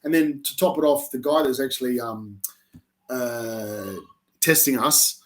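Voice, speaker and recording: A young man from South Australia, an army reserve recruit answering interview questions in a casual, animated way with lots of restarts. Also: medium pitch, measured pace. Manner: animated storyteller with many restarts.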